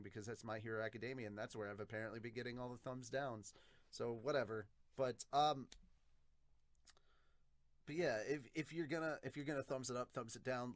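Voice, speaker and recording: A man's voice: mid-range voice, no room sound. A man hosting an anime podcast, casually reading out viewer comments and chatting, swearing and laughing easily.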